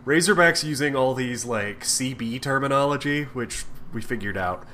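A man's voice: medium pitch, normal speed, pushed and bright, a little hiss or hum. A man co-hosting a casual podcast, swearing a lot and laughing as he recaps a story. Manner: profane, laughing, acts out characters in goofy voices. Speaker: podcast co-host. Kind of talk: casual comics podcast chat.

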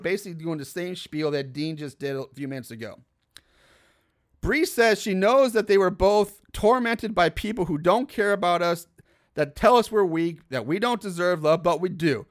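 A man's voice: sits high, lively intonation, moderate pace. A young man casually recapping a film's plot as a podcast host, swearing and adding incredulous asides with laughs.

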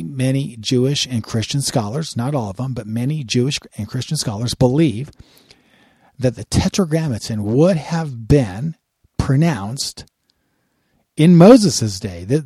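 A man's voice: mid-range voice, mellow, husky, no echo, studio quality. A man giving a sermon-style Bible lesson, earnest and often repeating words as he starts a phrase. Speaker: Bible teacher.

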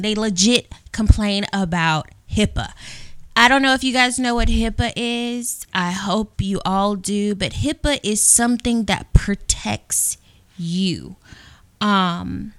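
Southern lady cohost, unhurried playful chatter, dry close sound. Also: mid-range voice, fairly bright tone, clear, resonant tone, no echo. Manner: playful, talkative, storytelling. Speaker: podcast co-host. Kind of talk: casual podcast chat.

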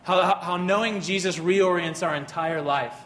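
A man's voice: sits high, normal speed, fairly bright tone. A man giving a faith teaching talk, telling a personal story earnestly with many fillers and restarts.

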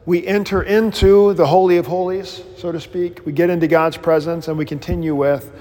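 Rambling pastor, lightly high voice, hall echo. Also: male voice, normal speed. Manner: rambling, animated storytelling with many restarts; self-deprecating humor. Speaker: pastor teaching a new member class. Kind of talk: informal Bible class teaching.

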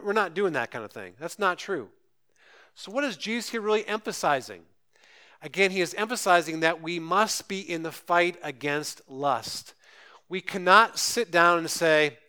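Male pastor, bright and fairly high voice, urgent preaching with rhetorical questions. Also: expressive, moderate pace, smooth. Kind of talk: sermon.

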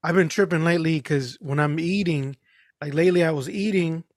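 A man's voice: a little high, fairly quick, no echo, clean studio sound. A middle-aged man telling stories in a casual, profane podcast chat, laid-back and acting out the people he quotes. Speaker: podcast co-host.

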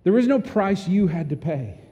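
A man's voice: high voice, big pitch swings, moderate pace, warm tone, big-room sound, lo-fi sound. A man preaching a sermon as a pastor, earnest, repeating key phrases for emphasis.

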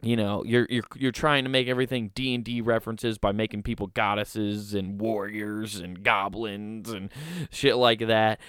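A man's voice: on the low side, flat delivery, moderate pace, a bit bright, smooth, no room sound, studio quality. A man hosting a comedy podcast, giving sarcastic, mocking commentary and laughing often.

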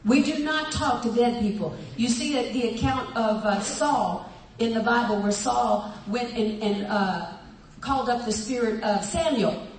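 A woman pastor delivers a sermon, acting out the voices in her story and laughing as she goes. Her voice sits a little high, and it reaches the mic from across a very echoey hall. A faint ambient hum carries underneath. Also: measured pace, few pauses, recorded from a distance. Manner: animated storytelling preacher, acts out voices, laughs often. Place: church hall with a congregation.

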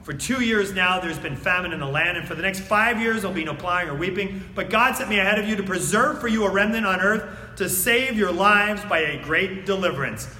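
Male pastor, high bright voice, preaching in a reverberant church hall, dramatic swings from loud to hushed. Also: fairly quick, hardly any pauses. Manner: swings between loud emphatic reading and hushed near-whispers. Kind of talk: sermon with scripture reading. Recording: echoey hall.

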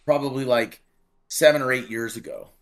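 A man in casual talk show conversation telling a long story, acting out quotes loudly, swearing freely and saying "like" often. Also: medium pitch, moderate pace. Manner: animated, acts out quotes in raised voice. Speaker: podcast guest.

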